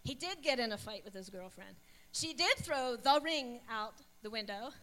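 A woman's voice: on the high side, normal speed. A woman, a pastor's wife, preaching a sermon and telling personal stories animatedly, acting out dialogue. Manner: animated, storytelling with acted-out dialogue.

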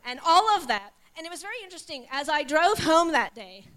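A middle-aged woman, a pastor's wife, sharing a testimony and telling the story with lively acted-out quotes. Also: high voice, fairly quick.

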